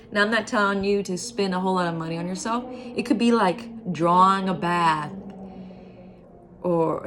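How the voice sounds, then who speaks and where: Gravelly-voiced woman giving earnest encouragement. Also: on the low side. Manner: earnest, repeats phrases for emphasis, drops to soft whispers. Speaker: self-help vlogger. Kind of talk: heartfelt motivational monologue.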